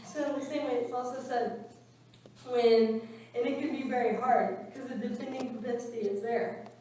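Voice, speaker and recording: A woman's voice: a little high, fairly even intonation, moderate pace, dark tone, slight background noise. A woman giving a scripture class in a temple room, telling stories and acting out what people said. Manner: storytelling with acted quotes. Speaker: class speaker. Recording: echoey room from far off.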